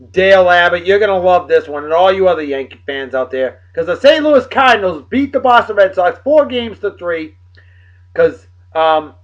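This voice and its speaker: A man's voice: high-pitched, a bit bright. A man hosting a casual video show, rambling with playful, exclamatory asides in a dull lo-fi home recording. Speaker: host. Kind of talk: casual video blog chat.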